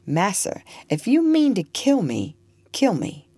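A woman voicing a gentle, steadfast older man who speaks softly and respectfully. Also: medium pitch, huge pitch swings, slow pace, husky, no room sound, studio quality, pitched above the performer's own voice, full character voice. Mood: resolute. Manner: quiet, soft and respectful.

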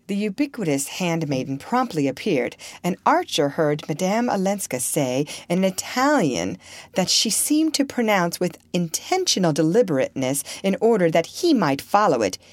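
A woman narrating a classic novel in an audiobook with an expressive, measured reading. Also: fairly low pitch, no echo. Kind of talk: scripted narration.

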